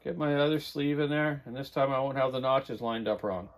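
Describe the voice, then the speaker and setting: A middle-aged man with a medium-pitched voice, talking a little fast, hosts a chainsaw repair demonstration in his home workshop. He works hands-on while chatting casually, rambling and correcting himself as he goes.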